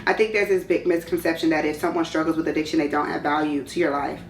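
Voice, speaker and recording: Candid, slangy woman in her 30s, vlog Q&A host; slightly low voice, roomy distant sound. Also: fairly even intonation, quick pace, slight background noise. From California. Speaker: vlogger. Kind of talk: casual Q&A chat.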